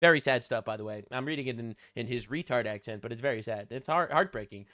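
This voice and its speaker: A man's voice: mid-range voice, quick pace, fairly bright tone. A man ranting in a political commentary vlog, profane and sarcastic, getting heated.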